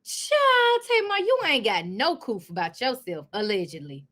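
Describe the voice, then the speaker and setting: A woman hosting a live reaction commentary from her home, laughing loudly and talking straight to her viewers. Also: mid-range voice, moderate pace. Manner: loud laughing, animated, talks to viewers. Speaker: commentary host.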